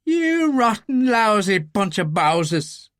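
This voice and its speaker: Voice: medium pitch, big pitch swings, a little fast, fairly bright tone, no echo, clean studio sound, voice pushed up. An audiobook narrator voicing a desperate young male informer who pleads near tears. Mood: outraged.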